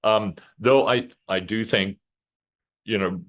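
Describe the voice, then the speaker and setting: Brief: low-voiced man hosting, calm and thoughtful questions. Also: slow. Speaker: podcast co-host. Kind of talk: casual interview chat.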